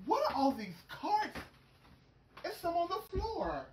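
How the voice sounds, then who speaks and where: A woman's voice: very high voice, very animated, takes it slowly, recorded from a distance, over loud music, heavily acted. A woman playing Alicia, a sassy young woman lost in a strange world, exclaiming and calling everyone girl and honey in a comedy sketch. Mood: sassy, bewildered. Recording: roomy sound from off-mic with clear noise.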